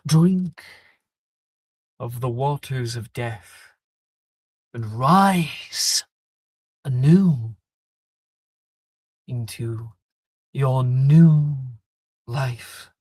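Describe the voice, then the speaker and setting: A man's voice: mid-range voice, drawn-out words, pauses often, a little mellow, husky, no room sound, studio quality. A man voicing a stern male professor who preaches about rebirth, in a solemn, commanding way. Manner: commanding, solemn sermon-like delivery.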